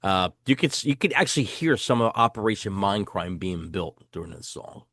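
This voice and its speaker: A man's voice: lowish voice, animated, brisk, a bit bright, no echo, clean studio sound. A man hosting a casual album review chat, enthusiastic and swearing casually as he hands rankings to his co-host. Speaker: podcast host.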